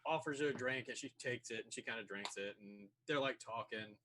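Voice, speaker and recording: A man's voice: mid-range voice, brisk, sharp tone, a little hiss or hum. Brief: man running a tabletop game, laid-back narration, lots of "like". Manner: casual, many fillers. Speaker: game master.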